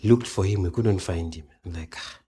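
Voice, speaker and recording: Male interview guest, low husky voice, lively storytelling with voiced quotes. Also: moderate pace. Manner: animated, acts out dialogue in quoted voices.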